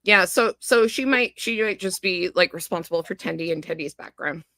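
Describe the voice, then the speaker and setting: A woman's voice: on the low side, moderate pace, pushed and bright, dry recording. A woman co-hosting a casual podcast chat, talking enthusiastically with lots of fillers and frequent laughter. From Canada. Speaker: podcast co-host.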